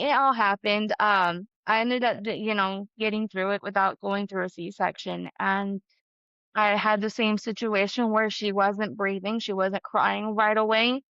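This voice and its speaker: A woman's voice: medium pitch, sharp tone, dry recording, highs cut off. A woman talking candidly and emotionally as a podcast guest, with fillers and the odd laugh. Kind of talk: casual conversation.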